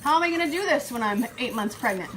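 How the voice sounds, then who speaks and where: A woman's voice: a little high, animated, fast. Chatty woman hosting a cooking demo. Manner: chatty, filler-heavy, addresses viewers as "you guys". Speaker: cooking show host. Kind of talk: casual live-streamed cooking demo. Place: kitchen counter. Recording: clattering kitchen dish noise. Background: cutlery and pot clatter.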